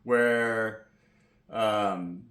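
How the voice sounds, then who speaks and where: A man's voice: lowish voice, fairly even intonation, extremely slow, a bit bright. A man giving a casual tarot reading to camera, talking in a loose, rambling, profane way full of "you know" fillers. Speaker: tarot reader. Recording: echoey room with faint noise.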